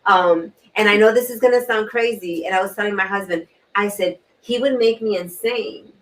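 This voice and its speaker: A woman hosting a talk show, sharing a personal story in an earnest way, repeating key words and often clearing her throat. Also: medium pitch, normal speed. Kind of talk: personal testimony in a panel talk. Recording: distant mic.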